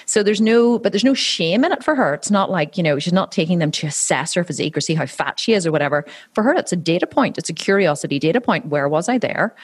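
A woman's voice: fairly low pitch, lively intonation, fast talker, few pauses, breathy edge, dry recording. A woman in her forties, a professional athlete, chatting casually as an interview guest with frequent fillers and laughs. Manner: chatty, laughing, many restarts and "you know" fillers.

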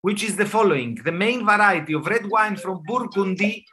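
A man's voice: high voice, normal speed. A man hosting a live online quiz for colleagues, playful and laughing between answers, heard over a video call. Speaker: quiz host and dermatologist.

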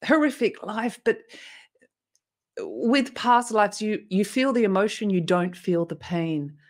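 A woman's voice: mid-range voice, lively intonation, slow pace. A woman guest in an interview, earnestly retelling a personal experience with emotion and small restarts. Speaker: interview guest, motivational speaker.

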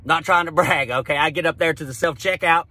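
High bright exasperated comic storyteller man. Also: dry recording. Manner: exasperated, crude, rapid ranting. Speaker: stand-up comedian. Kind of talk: stand-up storytelling.

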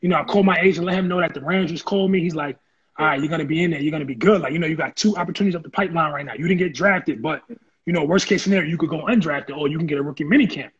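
A man telling his story in an interview, animated and acting out the voices of people he quotes. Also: fairly high pitch, racing, lo-fi sound. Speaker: interview guest, former football player. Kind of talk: casual storytelling.

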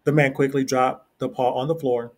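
A man narrating a classic story aloud in a steady, plain reading voice. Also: mid-range voice, moderate pace. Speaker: story reader.

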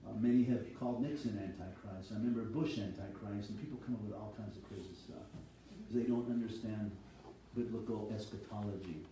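Dark-voiced man preaching in an echoey hall. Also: on the low side, a little fast, far from the mic, slight background noise. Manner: steady teaching tone, reads scripture aloud. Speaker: pastor. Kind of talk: sermon. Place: church sanctuary.

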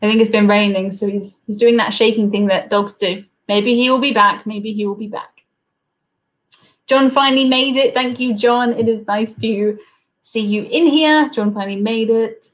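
Fairly high-pitched and even in intonation, this woman speaks at a normal speed. She's young, from the south coast of England with a Southern English accent, and runs a casual cruise Q&A livestream from her home desk. Chatty throughout, she reads out comments from viewers and coos at her dog between answers.

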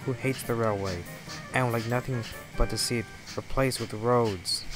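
A man reading a fan-made children's-style railway story as narrator, in a steady, plain storytelling manner. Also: mid-range voice, moderate pace. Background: faint music.

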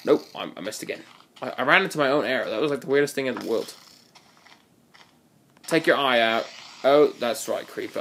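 Guy rambling on while gaming, mid pitch, chatty, keeps restarting sentences. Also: a little fast, pauses often, a bit bright, slight background noise. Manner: chatty and rambling, with frequent restarts and playful exaggeration. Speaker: gaming video host. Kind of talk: casual gameplay commentary.

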